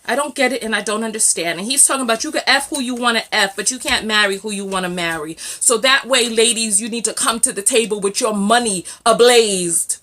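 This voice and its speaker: A woman from the United States giving sassy, animated reaction commentary as a relationship vlogger. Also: fairly high pitch, a little fast, few pauses. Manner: sassy, animated, exclaiming and questioning.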